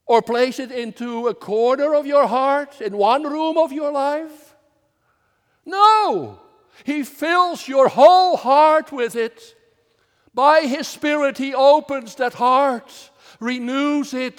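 A man preaching an earnest sermon as minister, slow and measured, rising to strong emphasis at times. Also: very high voice, in a large hall. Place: church.

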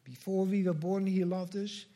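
High-pitched guy preaching, earnest and slow, repeats stuff for emphasis. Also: fairly even intonation, dark tone. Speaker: pastor. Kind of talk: sermon.

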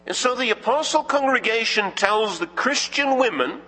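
A man, preaching a sermon as a pastor, measured and emphatic, posing rhetorical questions to the congregation. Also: extremely high pitch, lively intonation, sharp tone. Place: church sanctuary. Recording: reverberant church hall.

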